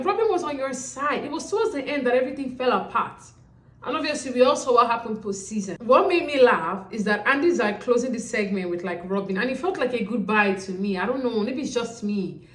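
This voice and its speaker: A woman hosting a casual reality TV recap, animated and sassy, acting out what others said. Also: on the high side, echoey room. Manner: animated, sassy, quotes people in voices.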